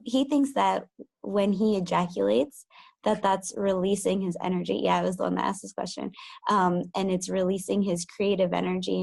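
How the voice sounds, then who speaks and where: A woman with a gravelly, creaky voice asks a question on a live call. She speaks hesitantly, restarting often, and the sound is dry and close. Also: mid-range voice, darkish tone, no echo. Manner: hesitant, many fillers and restarts. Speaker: caller asking a question.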